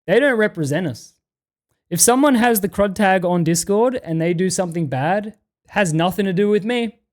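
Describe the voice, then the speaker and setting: A man streaming, ranting and reading chat messages aloud in a profane, exasperated way. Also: sits high.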